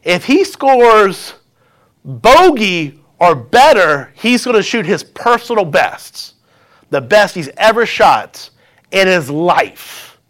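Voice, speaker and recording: A man's voice: high voice, very animated, slow, a bit bright. A man, a pastor, preaching a sermon, telling a story and leading with call-and-response asides.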